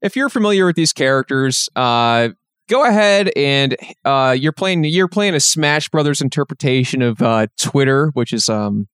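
A man's voice: medium pitch, animated, moderate pace, a bit bright, clear, resonant tone, no room sound, clean studio sound. A man co-hosting a podcast, talking in a sardonic, rambling way with lots of fillers. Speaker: podcast co-host. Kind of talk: casual podcast chat.

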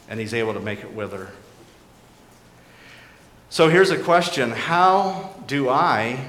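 Pastor preaching in an echoey church hall. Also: male voice, medium pitch. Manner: earnest, questioning, drops to a quiet emphasis. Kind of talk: sermon. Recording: echoey hall with faint background noise.

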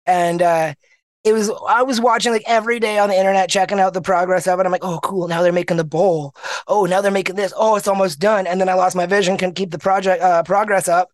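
A young man from Canada with a notably high voice tells stories as a podcast guest, acting out the people he quotes. The recording is dry and close, with no room sound. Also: fast talker, no room sound. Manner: animated storyteller, acts out quoted people. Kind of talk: casual interview chat.

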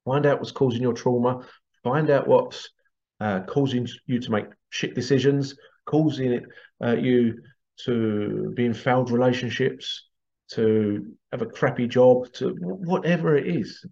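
A man's voice: medium pitch, unhurried, vocal fry, warm tone. Rambling man, lo-fi sound. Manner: rambling, repeats phrases, acts out quoted voices. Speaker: healing therapist. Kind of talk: casual monologue to camera.

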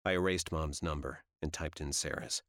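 A man reading a first-person audiobook in a low-key, measured way. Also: fairly bright tone, no room sound, clean studio sound. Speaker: audiobook narrator.

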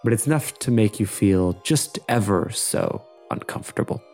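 A man narrating an improvised shared story in a measured, dramatic way, with pauses. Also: lowish voice, animated, vocal fry, darkish tone, soft background music.

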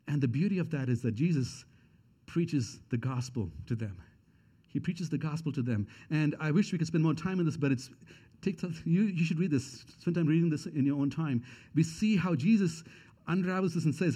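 A man's voice: fairly high pitch, lively intonation, fairly quick, mellow, husky. A man preaching a sermon as pastor. He speaks earnestly and repeats his key questions for emphasis.

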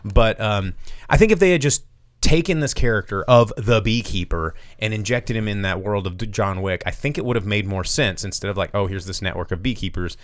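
A man with a slightly low, smooth voice talks through a movie plot in a loose, profane chat. He keeps acting out characters' lines in quick put-on voices. The mic is close and dry. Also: lively intonation, dry recording. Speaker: podcast host reviewing movies. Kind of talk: casual movie review chat.

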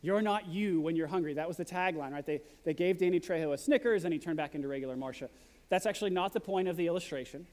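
High-voiced preaching man in a reverberant hall. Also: fast talker, darkish tone. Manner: earnest preaching with humorous asides. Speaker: pastor. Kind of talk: sermon.

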